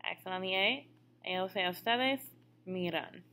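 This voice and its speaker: A woman's voice: lowish voice, normal speed, pushed and bright, slight background noise. A woman teaching a recorded language lesson who explains each step patiently. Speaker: Spanish teacher.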